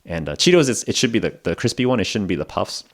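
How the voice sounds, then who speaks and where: Here a Japan-based man runs a podcast teaching English, talking through a casual lesson in a rambling way, full of fillers and self-directed laughter. His voice sits on the low side, sing-song and quick.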